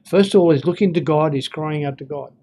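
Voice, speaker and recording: A man's voice: fairly high pitch, brisk, warm tone. A man giving an informal Bible lesson, thinking aloud with fillers and reading verses with feeling. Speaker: Bible teacher.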